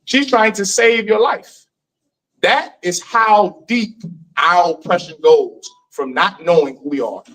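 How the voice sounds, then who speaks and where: A man giving an animated lecture to a live class, often questioning his listeners. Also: high voice, slow pace. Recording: voice from far off.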